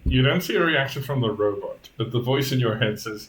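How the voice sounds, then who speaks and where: Mid-pitched man as casual game master, hesitant. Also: lively intonation, fairly quick, hardly any pauses, poor audio. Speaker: dungeon master.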